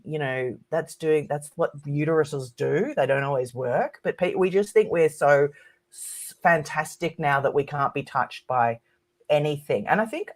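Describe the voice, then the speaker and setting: A woman academic as a podcast guest, talking casually and ranting with animation. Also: low-pitched. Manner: animated ranting, quick to mimic others.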